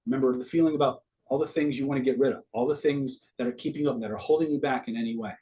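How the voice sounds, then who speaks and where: A man's voice: medium pitch, racing, mellow. A middle-aged man teaching a live online master class in a casual way, swearing freely and quizzing his audience.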